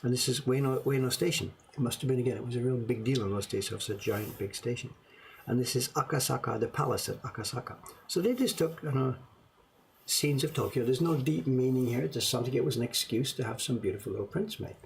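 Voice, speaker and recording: A man with a gravelly voice at an ordinary pitch, chatting casually as he shows his collection to the camera. He rambles and thinks aloud, poking fun at himself as he goes. A faint hiss of noise sits under the recording. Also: fast talker. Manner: rambling, musing aloud, self-deprecating. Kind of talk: casual show-and-tell to camera.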